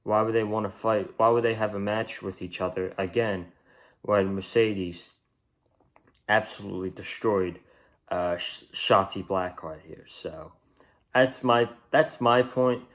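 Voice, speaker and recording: A man's voice: lowish voice, steady tone, measured pace. A young man giving a casual, rambling and opinionated review of a wrestling show, often restarting his sentences.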